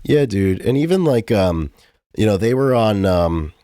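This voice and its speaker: Low-voiced rambling podcast co-host, a man. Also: expressive, unhurried, mellow, no echo, clean studio sound. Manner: rambling, filler-heavy, enthusiastic. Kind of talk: casual music podcast chat.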